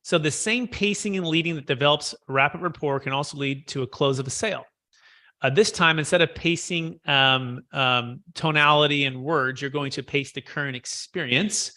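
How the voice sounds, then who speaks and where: Male sales trainer, bright and a bit high-pitched, coaching and repeating key points. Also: moderate pace. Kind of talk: live training session.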